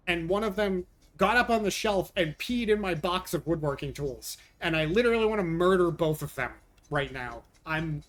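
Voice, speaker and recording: A young man's fairly bright voice, a bit high for a man, carries his casual live-stream chat. He swears frequently and sounds exasperated as he vents and replies to viewers' comments.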